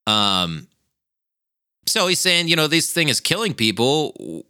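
A man's voice: fairly high pitch, very animated, slow, bright, forceful tone. A young man giving a heated, profane casual commentary, peppered with "man" and "dude.".

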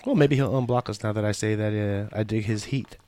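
A man co-hosting a podcast, laid-back, chiming in with quick agreeing replies. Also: lowish voice, a little mellow. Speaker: podcast co-host. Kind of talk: casual podcast chat.

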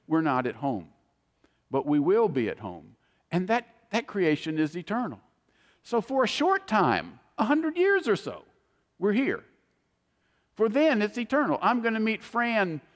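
A man preaching a sermon, telling stories with animated swings between soaring and hushed delivery. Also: on the high side, big-room sound. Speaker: pastor.

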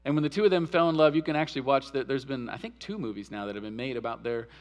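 A man preaching a sermon as pastor, earnest, rising loud and impassioned on emotional quotes, then dropping low and quiet. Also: very fast. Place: church sanctuary.

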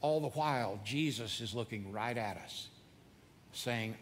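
Earnest preacher in a reverberant hall. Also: male voice, mid-range voice, measured pace, a little hiss or hum. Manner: earnest, conversational preaching with repetition. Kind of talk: sermon.

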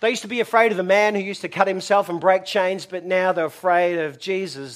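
A man's voice: high voice, brisk, few pauses. A man preaching a sermon, telling stories animatedly and acting out voices. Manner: animated storytelling, acts out voices and shouts. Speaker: pastor.

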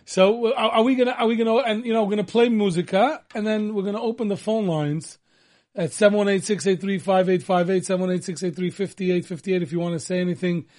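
A man's voice: sits high, steady tone, fast talker, darkish tone. A male radio host chatting casually and enthusiastically, rambling with lots of fillers and restarts.

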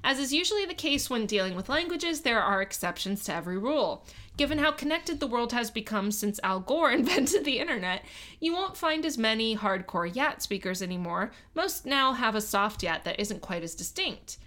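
A woman's voice: on the high side, animated, moderate pace, fairly bright tone. A woman co-hosting a casual podcast chat, playful and laughing at herself often. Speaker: podcast co-host.

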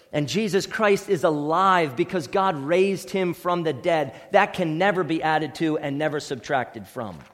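Man, pastor, sermon, emphatic, loud peaks and quiet asides, slightly high voice, long church echo. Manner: emphatic preaching, swinging between loud stresses and quiet low asides. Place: church sanctuary.

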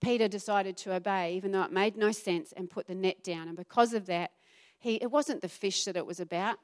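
A middle-aged woman pastor preaches a sermon with animated emphasis, acting out the voices she quotes. Her voice is mid-range and fairly quick.

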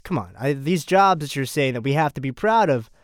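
A man's voice: fairly high pitch, animated, fairly quick, no echo, studio quality, close to an everyday voice. A man playing a laid-back, casual co-host on a parody political podcast. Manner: casual, easygoing.

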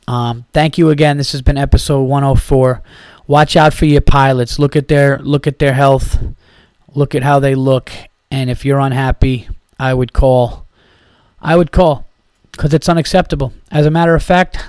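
Profane, ranting New comedian. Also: male voice, fairly high pitch, dry recording. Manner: profane, animated and sarcastic, rambling with fillers. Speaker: podcast host and stand-up comedian. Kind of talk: casual solo podcast rant.

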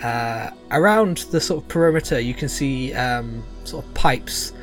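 Man, game master, tabletop narration, halting with fillers, animated pitch. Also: faint music behind. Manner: halting, full of fillers and chuckles.

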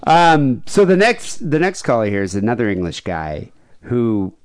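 A man's voice: mid-range voice, very animated, moderate pace, dry recording, studio quality. A man hosting a podcast, chatting casually with loose, offhand jokes. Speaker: host.

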